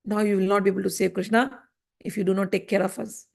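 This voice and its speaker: A woman teaching a scripture lesson, telling the story in an animated way and acting out the voices in it. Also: medium pitch, fast talker, gravelly.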